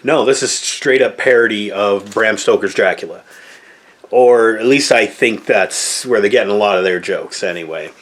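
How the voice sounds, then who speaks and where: A man's voice: on the low side, moderate pace, fairly bright tone. Blunt, cussing man ranting a review. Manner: blunt, exasperated, swears freely. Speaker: movie reviewer. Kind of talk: casual review monologue.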